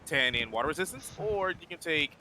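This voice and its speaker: Bright-voiced man handing out game gear. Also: a little high, expressive, brisk, slight background noise. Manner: organizing, auctioning items, lists numbers with restarts. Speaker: game streamer, player. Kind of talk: casual gaming chat.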